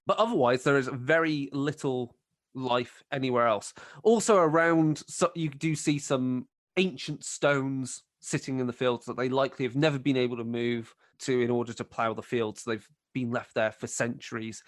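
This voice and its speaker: Acting as game master, a man narrates a tabletop game, describing scenes in a rambling way full of fillers. His mid-range voice has fairly even intonation and a moderate pace. The recording is dry and has clean studio sound.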